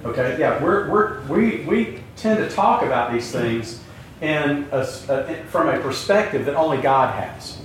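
A man's voice: a little high, expressive, measured pace, slight background noise. Male Bible teacher, chatty and informal, quizzing his class, heard from a distance in a very echoey room. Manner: conversational, many fillers, jokes with class.

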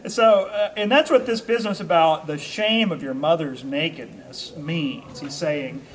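A man's voice: a little high, a little slow. A man teaching a Bible study group. He reads a passage, then explains it casually with ums, uhs and chuckles. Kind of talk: informal scripture teaching to a small group.

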